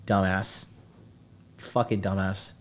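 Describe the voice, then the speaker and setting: A man's voice: deep voice, little pitch movement, slow. Brash, swearing male podcast host. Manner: brash, swearing constantly, lecturing listeners. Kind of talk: profane dating-advice rant.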